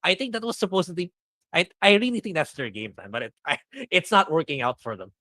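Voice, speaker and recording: Man, bright voice, dry sound, lagging video call, rambling with fillers. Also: on the high side, very animated, fast talker, dry recording. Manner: rambling, scoffing, many fillers. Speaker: podcast co-host. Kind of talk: casual chat. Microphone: video call on a lagging connection.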